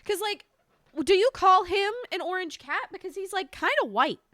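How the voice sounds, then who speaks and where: A woman's voice: very high voice, lively intonation, moderate pace, bright, forceful tone, no echo, studio quality. A woman live streamer chatting casually with her viewers, scattered and talkative, thanking them often and swearing mildly.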